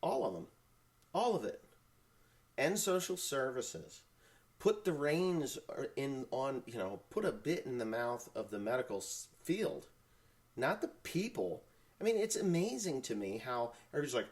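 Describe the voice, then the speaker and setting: A man's voice: on the high side, big pitch swings, a little slow, a little mellow. A man hosts his own farm talk show and rants with blunt, heated force. He swears freely and keeps working himself up. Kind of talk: casual ranting live chat.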